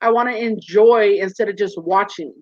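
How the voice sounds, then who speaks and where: A woman in her forties, a guest in a casual interview, telling stories with lively acted-out quotes over a video call. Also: medium pitch, moderate pace, no room sound. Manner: animated storyteller, acts out quoted voices. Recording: muffled dry call audio.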